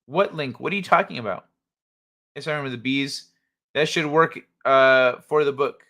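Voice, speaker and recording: A man hosts a casual late-night stream, cracking crude jokes and talking with his chat. His mid-range voice moves at a moderate pace with a bright, forceful tone.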